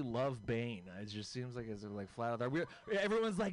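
A man's voice: mid-range voice, lively intonation, moderate pace, few pauses, a little mellow, dry recording, low-quality recording. A man doing a rambling, self-deprecating stand-up comedy set.

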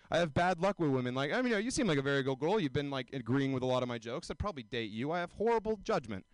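A man in his twenties performing a self-mocking stand-up set, often jumping into high mocking voices. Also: sing-song, fast, clean tone, dry recording. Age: 20s. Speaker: stand-up comedian.

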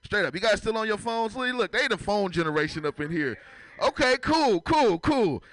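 A man's voice: high voice, lively intonation, moderate pace, fairly bright tone, no room sound, poor audio. A man from San Francisco doing a stand-up comedy set, talking loosely and profanely and teasing the crowd. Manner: loose, profane, chatty, teases the audience. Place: comedy club.

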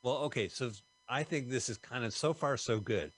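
A man's voice: medium pitch, moderate pace. A man co-hosting a radio show, riffing and joking in loose, casual banter about a movie. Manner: jokey, riffing, trailing off mid-thought. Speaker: radio co-host. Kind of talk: casual film-talk banter.

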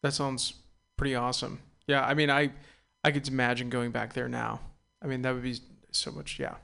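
Young male radio host, smooth resonant voice, loose rambling delivery with fillers. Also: medium pitch, flat delivery, a little fast, bright, forceful tone, soft background music. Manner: rambling, hesitant, with many fillers. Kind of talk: casual radio chat.

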